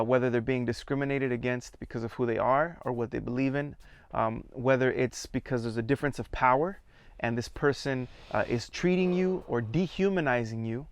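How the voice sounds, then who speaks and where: A man at medium pitch with a smooth, resonant voice guides a theatre exercise. He speaks calmly and in measured steps, counting the group in. The sound is close and dry. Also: no room sound. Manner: calm, measured, counts students in and prompts them. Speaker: theatre workshop leader.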